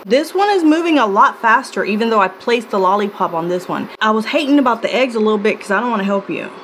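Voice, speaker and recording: A woman's voice: mid-range voice, lively intonation, quick pace, fairly bright tone, slight background noise. A woman product reviewer chatting casually and jokingly in her home kitchen as she cooks, laughing often. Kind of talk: casual chat while cooking.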